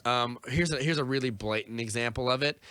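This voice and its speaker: A man's voice: mid-range voice, brisk, fairly bright tone, clear, resonant tone, no echo. Young man, casual podcast chat, rambling, lots of fillers, dry close sound. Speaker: podcast co-host.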